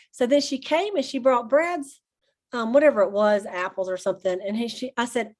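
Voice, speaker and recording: A woman's voice: high-pitched, expressive, moderate pace. A woman, casually talking to her sales team on a call, chatty and full of stories, laughing often. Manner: chatty storyteller, addresses listeners as y'all, laughs often.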